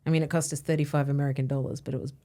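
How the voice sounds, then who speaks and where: An Australian woman chatting casually as a podcast guest, easygoing and quick to laugh. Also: very deep voice, little pitch movement, dark tone. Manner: easygoing, laughs often, lots of "mm".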